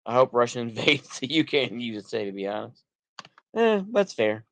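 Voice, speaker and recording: Very animated and a bit bright, this medium-pitched voice belongs to a Texan-accented American streamer speaking at normal speed in a dry recording. He reacts to chat in a rambling, somewhat drunk way, sentences restarting and trailing off.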